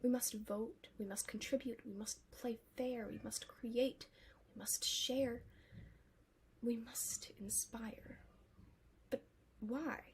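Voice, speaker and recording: A woman performing spoken word poetry with a rhythmic, soft and breathy delivery. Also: on the high side, steady tone, slow pace, a little hiss or hum.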